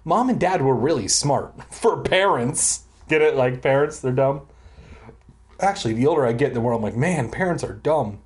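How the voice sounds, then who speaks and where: A man's voice: mid-range voice, lively intonation, moderate pace. A young man giving a comedic reading of a children's book, breaking off for crude, irreverent asides. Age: young adult. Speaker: reader.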